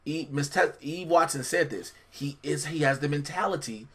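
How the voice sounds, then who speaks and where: A man co-hosting a casual TV review, telling the plot lively and imitating the characters' lines. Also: on the high side, normal speed, slightly rough. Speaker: co-host reviewing a TV episode. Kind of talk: casual chat.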